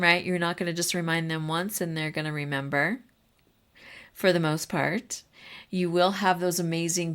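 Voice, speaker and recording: A middle-aged woman hosting a podcast for teachers, talking in a casual, encouraging way with fillers and asides. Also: fairly low pitch. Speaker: podcast host.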